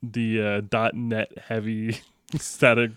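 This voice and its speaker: A man's voice: lowish voice, completely flat delivery, slow, a bit bright, clear, resonant tone, dry recording, clean studio sound. A man co-hosting a casual tech podcast, joking and laughing often. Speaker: podcast co-host.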